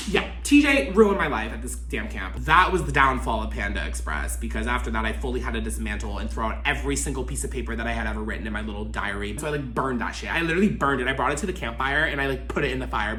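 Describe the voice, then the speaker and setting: A man's voice: animated, fast, pushed and bright. A young man telling a story in casual vlog style, dramatic and full of swearing, with acted-out quotes. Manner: dramatic, swearing, acts out quotes in high voices. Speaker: vlogger. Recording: echoey room with faint music.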